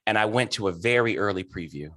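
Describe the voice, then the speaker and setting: A man's voice: lowish voice, animated, fast talker, bright, forceful tone, dry recording, studio quality. A man hosting an interview, effusive and emotional, often laughing as he praises his guest. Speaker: host and director. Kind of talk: heartfelt interview introduction.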